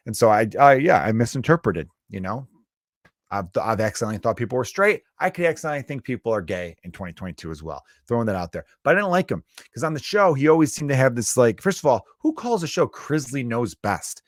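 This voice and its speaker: A man's voice: lowish voice, quick pace, no room sound, clean studio sound. A man hosting a comedy podcast, ranting with lots of swearing and mocking impressions. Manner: profane, animated, mocking impressions. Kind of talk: comedic rant.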